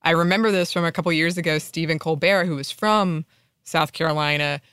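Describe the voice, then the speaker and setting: A woman co-hosting a podcast in casual chat, playful and quick to mock outrage and laughter. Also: low-pitched, fairly even intonation, a bit bright, smooth, no echo, studio quality. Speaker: podcast co-host.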